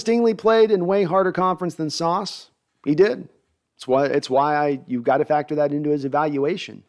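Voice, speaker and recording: A middle-aged man hosting a live sports draft stream, reading viewer comments and talking in an animated, rambling way. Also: fairly high pitch. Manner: animated, hyped, rambling with restarts.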